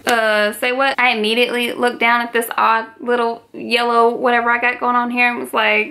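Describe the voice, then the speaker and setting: A woman vlogger telling a story in an animated, chatty way and leaning into the drama. Her voice sits a little high, bright and edged with vocal fry. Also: fairly quick. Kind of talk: storytime vlog.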